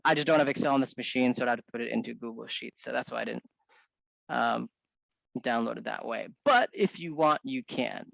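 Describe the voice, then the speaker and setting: Man, casual software walkthrough, gravelly voice, dry dull recording. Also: mid-range voice, dry recording. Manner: casual, thinks aloud with restarts. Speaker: software developer demonstrating. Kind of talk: screen-share walkthrough.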